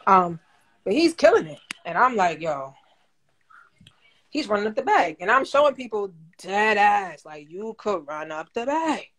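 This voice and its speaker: A woman coaching listeners on credit in a casual livestream, talking in animated slang and laughing often. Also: mid-range voice, unhurried. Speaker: credit coach teaching a class. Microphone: phone.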